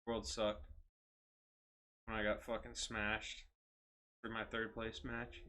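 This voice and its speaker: Bright-voiced young man telling stories. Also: on the low side, completely flat delivery, slow pace. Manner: storytelling, swears freely, laughs often. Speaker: podcast co-host. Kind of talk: casual chat.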